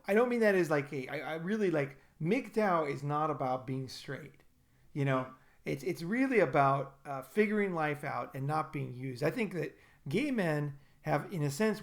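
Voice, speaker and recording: Gravelly-voiced man hosting a podcast. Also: on the high side. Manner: rambling, repeats words and restarts often. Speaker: podcast host. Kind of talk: casual podcast chat.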